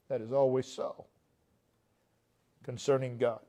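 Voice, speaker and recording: A man with a high voice delivers a sermon at a slow, deliberate pace. He preaches with emphasis, pushing key phrases out loud and letting their endings drop soft, recorded in a church. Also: very animated. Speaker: pastor. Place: church sanctuary.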